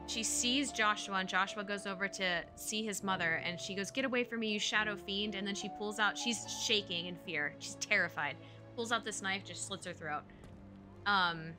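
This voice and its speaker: An excited young woman streams a game and rambles through a casual recap, full of fillers. Her voice sits at a middle pitch. Game music plays behind her. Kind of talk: casual let's-play recap.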